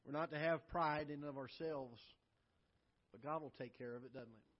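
A man preaching a sermon as pastor, swinging from loud emphatic lines to soft low asides. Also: moderate pace, lo-fi sound. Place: church auditorium.

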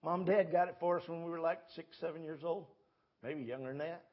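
A man's voice: on the high side, fairly quick, highs cut off. A man preaching a sermon in a church, telling a Bible story in a folksy way. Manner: storytelling, folksy, with quoted voices. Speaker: pastor. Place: church sanctuary.

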